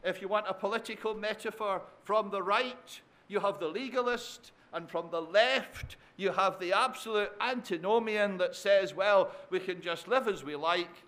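A man's voice: high voice, moderate pace, few pauses, a bit bright. A man preaching a sermon, repeating phrases for effect, asking the congregation tag questions and calling them his dear friends. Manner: addresses listeners as dear friends.

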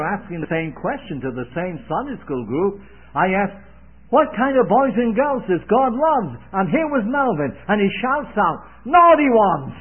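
Husky older preacher on tinny radio. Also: male voice, high voice. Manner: emphatic preaching that swells on key phrases. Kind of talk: sermon. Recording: tinny, phone-like old radio broadcast.

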